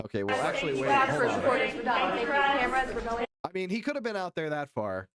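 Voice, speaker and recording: Over a loud crowd, a very animated streamer with a mid-range voice gives crude, profane, mocking play-by-play at a moderate pace, scrubbing through a video and reading chat. They frequently do silly put-on voices when quoting.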